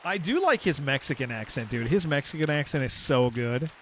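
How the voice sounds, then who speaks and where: Brisk and animated, this young man's mid-range, slightly bright voice carries a Californian accent from San Diego. While live-streaming a game, he chats and rambles casually, restarting sentences and dropping "dude" often, over slight background noise.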